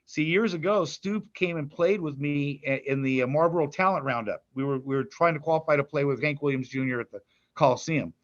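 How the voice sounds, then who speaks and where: Dull audio captures an older man's slightly high voice, moving a little fast. He's a grandfather and a musician, a guest in a casual interview, rambling and often stammering or starting over.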